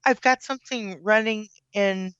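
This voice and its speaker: A woman's voice: mid-range voice, measured pace, a bit bright, smooth, no echo, muffled recording. A woman hosting a morning radio show over a headset mic, dropping brief, dry remarks in casual banter.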